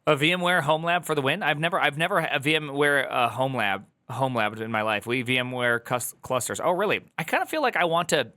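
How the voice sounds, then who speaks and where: A man reacts to a video on a live stream, joking and restarting his sentences, often jumping up in pitch. His voice is bright and forward. The sound is dry and close. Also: expressive, moderate pace, few pauses, no room sound. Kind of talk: casual live-stream commentary.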